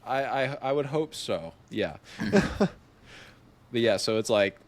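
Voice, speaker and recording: Speaking slowly at a medium pitch, a young man tells a story as a podcast guest. He keeps it casual and animated, with frequent laughs and reenactments of what people said.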